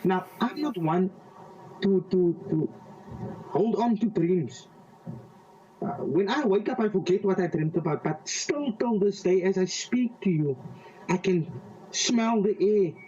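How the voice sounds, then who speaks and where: A man with a high yet mellow voice tells a personal testimony of faith, slowing down for the vivid details and stumbling over repeated words as he goes. He sounds a little distant from the mic, and the audio is dull and lo-fi. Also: lively intonation. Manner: halting, with frequent repeated words and restarts; slow and vivid when describing a dream. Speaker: interviewee giving a faith testimony.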